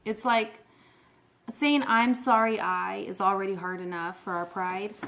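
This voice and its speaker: Frank woman in relaxed chat. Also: mid-range voice, a little slow, a little hiss or hum. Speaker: co-host, pastor's wife. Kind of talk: casual conversation.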